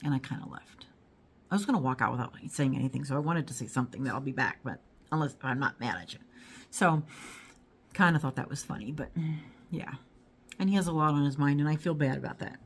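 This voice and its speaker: A middle-aged woman with a low-pitched voice chats casually to her viewers. She rambles from one thought to the next in an easygoing way. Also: fast, long pauses, husky. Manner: rambling and chatty, talks to her dog. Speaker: YouTube haul vlogger. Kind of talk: casual chat to camera.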